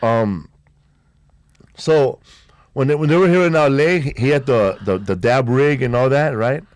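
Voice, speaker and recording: Unhurried and recorded in studio quality with no echo, a male podcast host chats casually. His storytelling is relaxed, slangy, and low-key.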